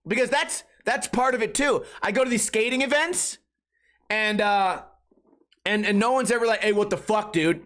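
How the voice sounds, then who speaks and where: Solo podcast host, man in his thirties, animated mocking comic rant. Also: extremely high pitch, normal speed. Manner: animated, mocking, puts on voices of others, swears freely.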